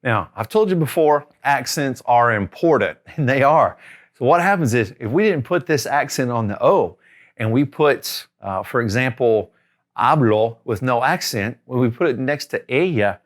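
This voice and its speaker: A man in the middle of a Spanish lesson, speaking at an ordinary mid pitch. He sounds upbeat and encouraging and talks straight to the learner as he walks through a chart. His steady teaching flow keeps it friendly and clear. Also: normal speed. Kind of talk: lively classroom lesson.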